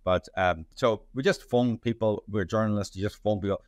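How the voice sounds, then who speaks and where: Low-voiced man, rambling. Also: fairly quick, dry recording. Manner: rambling with frequent restarts and fillers. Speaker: journalist and playwright. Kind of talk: conversational interview answers.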